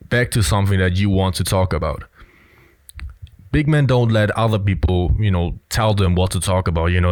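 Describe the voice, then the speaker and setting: A man's voice: lowish voice, no echo. A man giving blunt, assertive casual commentary on a film clip, often filling with "you know". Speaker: body language commentator.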